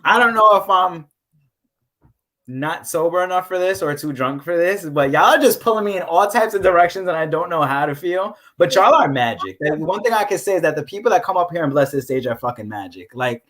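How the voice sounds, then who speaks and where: A man's voice: a little high, animated, brisk, a bit bright. A man with a New York accent co-hosting a virtual poetry open mic, talking in an effusive, hyped way with casual swearing. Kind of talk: casual live-stream hosting.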